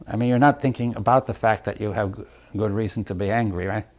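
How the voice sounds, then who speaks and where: A man giving a reflective spoken talk to a small audience. He often restarts his phrases, checks in with his listeners, and chuckles softly between points. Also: lowish voice, a little fast, lo-fi sound.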